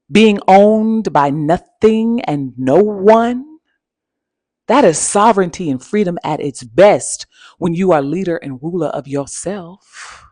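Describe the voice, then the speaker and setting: A woman's voice: on the low side, lively intonation, takes it slowly, a little mellow, no room sound. A woman giving an emphatic, repetitive motivational talk as a spiritual coach, using pet names and a preacher-like cadence. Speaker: spiritual coach and channel host.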